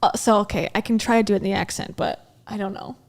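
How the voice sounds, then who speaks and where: A woman's voice: mid-range voice, fairly even intonation, quick pace, vocal fry. A woman hosting a casual commentary livestream, talking in a chatty, rambling way with lots of fillers and little laughs. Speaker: commentary host.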